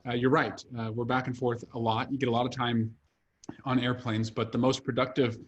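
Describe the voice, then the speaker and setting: A man's voice: mid-range voice, flat delivery, a little fast, dull audio, slight background noise. A man in his thirties, an author and congressman, talking earnestly with many "uh" fillers during a video-call interview. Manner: frequent "uh" fillers, earnest and fluent.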